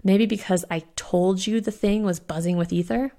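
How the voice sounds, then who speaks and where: A woman doing a sharp-tongued, startled young witch. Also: medium pitch, fairly even intonation, normal speed, natural voice. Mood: sarcastic.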